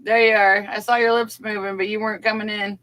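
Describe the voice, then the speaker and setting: A woman co-hosting a casual live-stream chat, bubbly and quick to laugh. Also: medium pitch, level tone, a bit bright.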